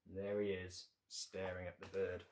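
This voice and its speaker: A man's voice: low voice, completely flat delivery, normal speed, darkish tone, a little hiss or hum. A man reading his picture book aloud to children, with playful asides to young listeners.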